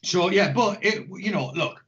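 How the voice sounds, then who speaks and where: Rambling, sweary English bloke, lo-fi. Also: male voice, high voice, lively intonation, measured pace, a bit bright. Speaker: podcast co-host. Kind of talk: casual chat. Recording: dull lo-fi podcast audio.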